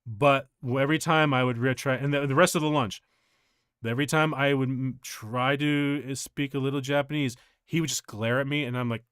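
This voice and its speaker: A man streaming and chatting casually, telling a long personal story in a rambling, halting way with frequent restarts. His voice sits at a middle pitch, and the sound is close and dry, with no room echo. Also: steady tone, fairly bright tone, smooth.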